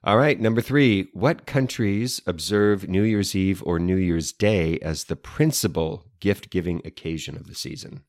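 A man's voice: sits low, a little slow, few pauses, darkish tone, dry recording, clean studio sound. A man co-hosting a casual chat show, explaining history in an easy, playful way. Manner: explanatory, playful with mock French phrases. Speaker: podcast co-host.

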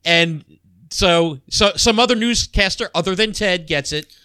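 Bright, high-voiced man chatting and laughing. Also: measured pace, smooth, no room sound, clean studio sound. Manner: laughs often, many restarts and fillers. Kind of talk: casual chat.

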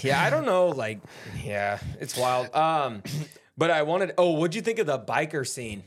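A man's voice: a little high, very animated, a little slow. A man co-hosting a podcast, chatting casually about a movie, rambling and restarting his sentences, often acting out people he quotes. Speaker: podcast co-host.

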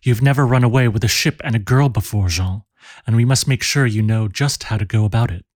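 A male narrator voicing a quick-witted young woman who speaks urgently and imperiously. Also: fairly low pitch, no room sound, studio quality, voice pushed down, close to an everyday voice. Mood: brisk, fond.

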